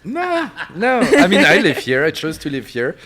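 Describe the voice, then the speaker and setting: A man's voice: high-pitched, huge pitch swings, normal speed, a crowd in the background. French-accented man, casual podcast guest, laid-back, stop-start phrasing. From France. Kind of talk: casual chat.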